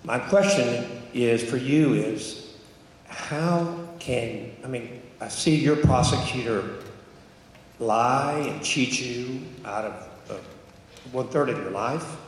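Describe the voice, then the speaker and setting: A man's voice: mid-range voice, slow, slight background noise. A man who is a basketball coach, asking an earnest question from the audience. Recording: echoey hall.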